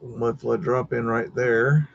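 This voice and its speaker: Man, live-stream host, loose rambling chat, mid pitch, slightly muffled lo-fi audio. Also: little pitch movement, slow pace, gravelly, a little hiss or hum. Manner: rambling, muttering, mildly cursing. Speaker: livestream host. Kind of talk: casual live-stream commentary.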